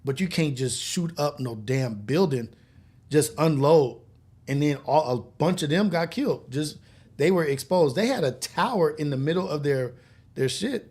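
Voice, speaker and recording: A man's voice: fairly high pitch, expressive, normal speed, darkish tone, husky. A man hosting a live morning show, talking in a loose, profane, casual way and laughing often. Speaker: host. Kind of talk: casual live-stream chat.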